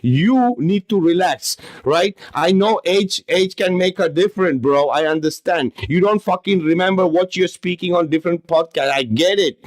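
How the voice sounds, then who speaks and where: A man's voice: sits high, moderate pace, few pauses. A man host in a heated argument, combative and swearing, talking over the other speaker.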